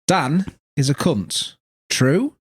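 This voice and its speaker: A man's voice: on the high side, animated, drawn-out words, breathy edge, no echo, studio quality. A man co-hosting a podcast, teasing and joking crudely in casual banter. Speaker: podcast co-host.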